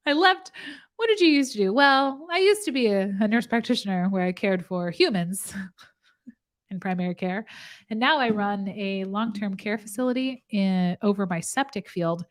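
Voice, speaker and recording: A woman's voice: mid-range voice, animated, normal speed. A woman nurse practitioner chatting casually with her viewers. She is talkative and laughs often in the middle of her sentences. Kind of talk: casual live chat with viewers.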